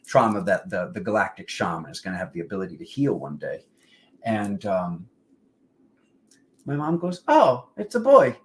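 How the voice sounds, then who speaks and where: A man hosting a spiritual livestream, telling a personal story in a rambling, animated way and acting out the voices of the people in it. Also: low-pitched, moderate pace, pauses often. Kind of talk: casual storytelling monologue. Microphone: livestream setup.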